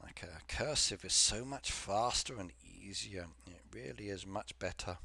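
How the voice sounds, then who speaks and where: Chatty low-voiced male game streamer. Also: unhurried, gravelly, pushed and bright, husky, no echo. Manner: chatty and rambling, reads viewer comments aloud; frequent fillers and repeated yeses. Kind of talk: casual live-stream chat.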